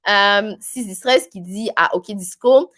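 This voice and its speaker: A woman's voice: medium pitch, a little slow, pushed and bright. A woman with a Québécois French accent hosting a casual live stream, chatty and rambling, with many fillers. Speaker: live stream host reading viewer comments.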